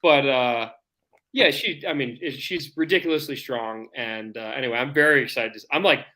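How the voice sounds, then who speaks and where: Bright-voiced man telling stories on a podcast. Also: medium pitch, moderate pace. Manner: jokey, storytelling. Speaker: podcast co-host. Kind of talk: casual chat.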